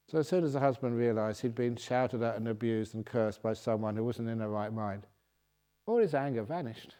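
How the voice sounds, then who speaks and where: A man's voice: mid-range voice, brisk, mellow. A man, a Buddhist monk, answering questions at a retreat with jovial, humorous stories and often laughing at his own jokes. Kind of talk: humorous dharma Q&A talk. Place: meditation retreat hall.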